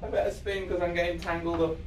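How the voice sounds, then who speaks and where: A gamer commentating on a VR game, excitable and yelling spell words at it. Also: mid-range voice, fast talker. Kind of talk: let's play commentary. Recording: echoey room, mic off at a distance, faint noise.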